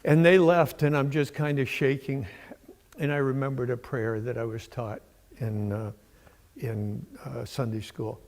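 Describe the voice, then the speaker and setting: An older man from Massachusetts giving a sermon in a church, telling stories in a folksy, unhurried way with fillers. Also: medium pitch, fairly even intonation, darkish tone. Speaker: preacher. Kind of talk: sermon with storytelling. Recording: long church reverb.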